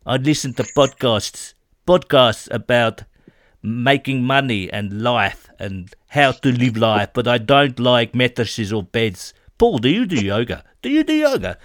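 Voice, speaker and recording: A man's voice: mid-range voice, very animated, a little slow, dry recording, clean studio sound. A man putting on a very serious South African man who is obsessed with yoga, speaking in an earnest, insistent and repetitive way.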